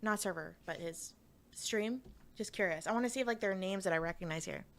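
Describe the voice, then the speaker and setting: A woman's voice: mid-range voice, a little fast, vocal fry, fairly bright tone. A young woman from Canada, streaming and telling a story in a rambling, laughing way with lots of fillers and restarts, talking to her chat.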